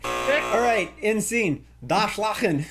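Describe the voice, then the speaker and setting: Male emcee, bright lively delivery, slightly high, faint background hiss. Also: takes it slowly, over music. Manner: lively, laughing, joking emcee. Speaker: host of improv comedy show. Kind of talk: hosting live online improv. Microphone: video call.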